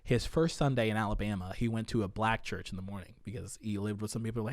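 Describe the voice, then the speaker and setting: A man's voice: fairly low pitch, a little mellow, no room sound. Hesitant man, dry close sound. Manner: hesitant, halting, many restarts. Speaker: podcast guest. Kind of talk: casual conversation.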